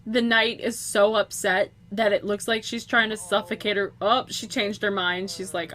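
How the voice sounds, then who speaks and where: A woman giving casual video game commentary into a home computer microphone, excitable, swearing freely and breaking into loud exclamations. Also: medium pitch, a little slow, hardly any pauses. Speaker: gameplay commentator.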